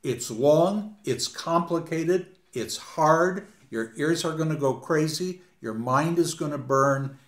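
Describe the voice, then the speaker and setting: A man giving a conference lecture on poetry, emphatic and dramatic, with wide swings in loudness. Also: a little high, takes it slowly. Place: conference hall. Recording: echoey conference hall.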